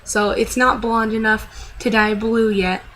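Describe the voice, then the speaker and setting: Young woman vlogger with a slightly high voice, venting in a loose, profane, rambling ramble-to-camera style. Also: level tone, a little slow, a bit bright, a little hiss or hum, rough recording. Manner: rambling, profane, self-deprecating. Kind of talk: casual venting vlog.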